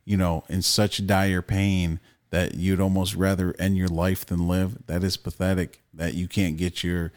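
A man's voice: sits low, little pitch movement, measured pace, hardly any pauses, darkish tone. A man co-hosting a casual podcast, talking in a loose, opinionated and profane way. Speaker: podcast co-host.

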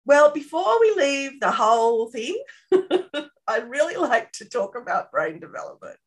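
Animated woman, slightly high voice. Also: measured pace. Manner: animated, acts out parent-child dialogue; frequent tag questions. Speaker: parenting expert guest. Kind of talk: casual interview explanation.

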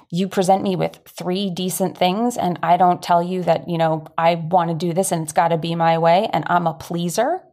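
Woman, 40s, candid storytelling host, warm low voice. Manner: candid, chatty, self-deprecating. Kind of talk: personal storytelling talk.

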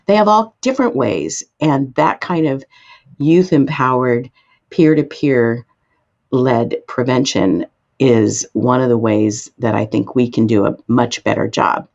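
Woman, interview guest, explanatory, emphatic pitch jumps, dull lo-fi sound. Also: animated, a little slow, creaky, a little mellow. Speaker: guest expert. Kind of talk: interview answers.

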